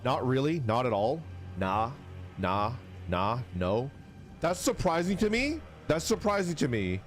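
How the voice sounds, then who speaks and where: A man's voice: medium pitch, measured pace, faint music behind. A man streaming live, chatting casually with viewers and reading their messages aloud, swearing freely. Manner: lively, swearing, reads chat aloud.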